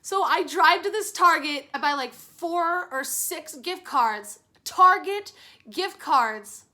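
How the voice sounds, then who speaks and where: A woman's voice: extremely high pitch, lively intonation, slow, bright, forceful tone. A young woman under twenty-one from Missouri telling a storytime vlog in a chatty, candid way, swearing freely and mocking herself. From Springfield, Missouri. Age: young adult, under twenty-one. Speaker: vlogger.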